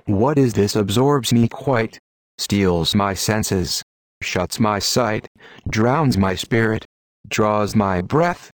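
A man's voice: on the low side, takes it slowly, no echo. A man delivering an old-fashioned sermon in a solemn, declamatory way. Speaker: preacher. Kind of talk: Victorian sermon reading.

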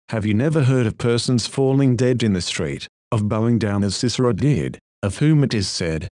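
A man reading a sermon in a solemn, earnest, measured way. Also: lowish voice, darkish tone, no room sound, clean studio sound. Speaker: preacher. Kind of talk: read sermon.

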